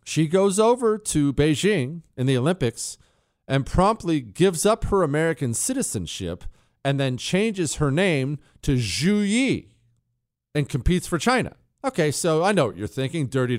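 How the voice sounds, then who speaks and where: Animated, mocking talk radio host, a man. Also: a little high, moderate pace. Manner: mocking, sarcastic ranting with bursts of laughter. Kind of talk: solo talk radio monologue.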